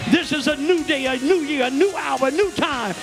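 A man preaching from the pulpit with a very high, ringing voice. He has the congregation repeat his declarations line by line, slowing down and building to shouts of faith. Soft music plays behind him. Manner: joking asides to the congregation. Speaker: bishop preaching. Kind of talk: sermon. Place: church sanctuary.

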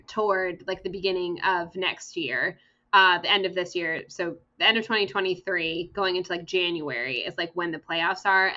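A woman's voice: on the low side, sharp tone, muffled recording. An American woman co-hosting a podcast in casual chat, rambling with lots of fillers and frequent laughter. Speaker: podcast co-host.

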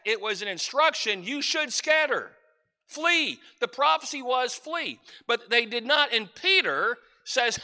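A man's voice: high-pitched, sharp tone. A man preaching as a pastor, reading scripture and praying in a conversational way, now and then losing his place and asking the congregation for help. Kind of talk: sermon with scripture reading and prayer. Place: church sanctuary.

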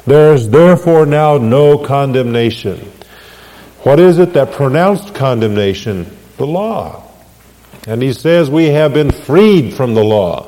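Slow-preaching man in a reverberant hall. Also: medium pitch, dark tone. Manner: expository preaching with rhetorical questions to the congregation. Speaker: pastor. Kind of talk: sermon.

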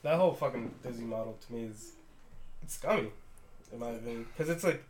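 A man's voice: medium pitch, fast, a little hiss or hum. A man in casual chat, opinionated and profane.

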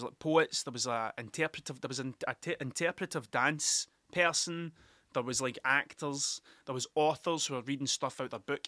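Bright, sweary Scottish storyteller man. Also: fairly high pitch, no room sound, studio quality. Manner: sweary, rambling, laughs at himself. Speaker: musician telling stories. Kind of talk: casual storytelling monologue.

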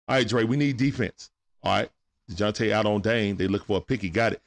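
A man hosting a live stream from home, calling a game play-by-play in a casual, excitable way that swings from hushed asides to sudden shouts. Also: on the low side, a little fast, vocal fry. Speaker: stream host. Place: at home at night.

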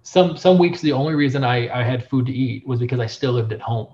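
Animated man on a dull lo-fi recording. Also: medium pitch, fast, a little hiss or hum. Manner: animated, frequent filler phrases. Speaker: print shop owner, podcast guest. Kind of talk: casual interview storytelling. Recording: dull lo-fi sound.

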